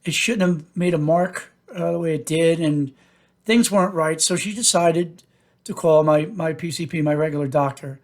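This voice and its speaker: A man hosting his own podcast, telling a personal story in a halting way with many fillers and restarts. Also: a little high. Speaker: podcast host.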